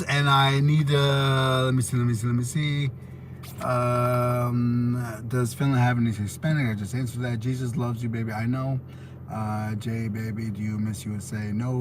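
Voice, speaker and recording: A man's voice: medium pitch, fairly bright tone, a little hiss or hum. A young American man chatting casually on a livestream, answering viewer questions in a rambling way full of fillers and restarts. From United States. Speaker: livestream host.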